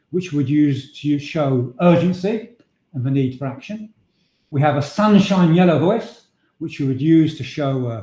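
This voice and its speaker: Measured man with a mellow voice. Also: on the high side. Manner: measured, explanatory, with frequent filler restarts. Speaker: voice and presentation trainer. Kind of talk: webinar presentation. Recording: echoey room sound.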